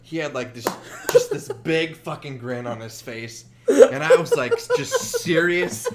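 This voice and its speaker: A man's voice: on the high side, measured pace, background noise. A man, a guest on a podcast, telling a story in casual chat, swearing often and acting out what people said. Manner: animated, swears a lot, acts out quotes.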